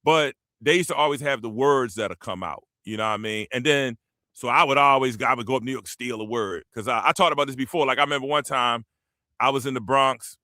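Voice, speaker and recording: A man in his fifties from the Washington, D.C. area, telling stories in a casual panel chat, animated and slang-heavy. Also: mid-range voice, fairly quick, no room sound, clean studio sound. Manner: animated storyteller, slang-heavy, acts out quotes. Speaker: panel host.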